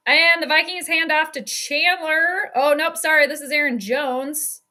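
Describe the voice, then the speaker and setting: A woman with a high-pitched, sharp and bright voice calls a football game live from her home stream. She talks casually, laughs often, and reads out her chat as she goes. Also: steady tone, measured pace. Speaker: sports streamer doing live game commentary. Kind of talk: casual live play-by-play commentary.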